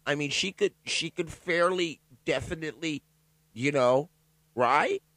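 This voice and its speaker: A man talking alone in a loud, profane, joking commentary, riffing on a news story and reading parts of it aloud haltingly. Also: on the high side, no echo. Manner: loud, profane, animated riffing with laughs and asides. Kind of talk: casual profane commentary monologue.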